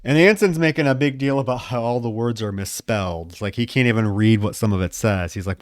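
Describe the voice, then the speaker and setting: A man's voice: on the low side, brisk, hardly any pauses, no echo, studio quality. A man co-hosting a film podcast who retells scenes by acting out the characters' lines. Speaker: podcast co-host. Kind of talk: casual film review chat.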